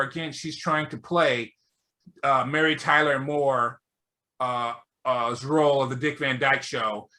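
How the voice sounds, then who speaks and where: Bright-voiced man reviewing a show. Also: a little high. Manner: thinks aloud with many fillers, wry and opinionated. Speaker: movie review show co-host. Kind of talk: casual review chat.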